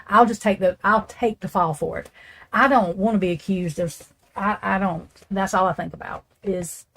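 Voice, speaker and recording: A woman hosting a casual true crime talk, rambling and blunt, swearing freely as she speaks straight to her viewers. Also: mid-range voice. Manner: rambling, blunt and profane, talks straight to chat. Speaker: true crime channel host.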